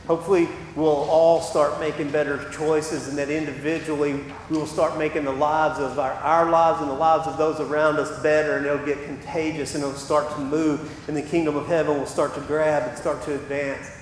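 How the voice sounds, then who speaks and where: A male pastor delivers an impassioned sermon, breaking into quoted voices to drive his points home. His voice sits fairly high for a man. The sanctuary is echoey, with a long reverb and a faint rumble underneath. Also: little pitch movement, normal speed, hardly any pauses. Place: church sanctuary. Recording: echoey church hall with rumble.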